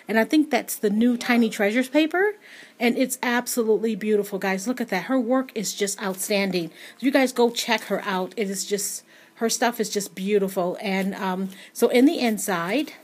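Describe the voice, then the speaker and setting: Gushing woman showing a craft gift. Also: mid-range voice. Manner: gushing, many ums and repeated words. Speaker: craft channel host. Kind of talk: casual unboxing chat.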